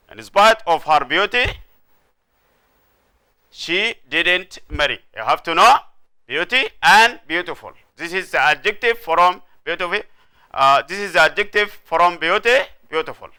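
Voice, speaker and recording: Male teacher from Sudan, middle-aged; smooth, deliberate classroom delivery. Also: high-pitched, lively intonation, bright, forceful tone. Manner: slow, repetitive, explanatory delivery with frequent checks for understanding. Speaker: English teacher. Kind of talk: classroom grammar lesson.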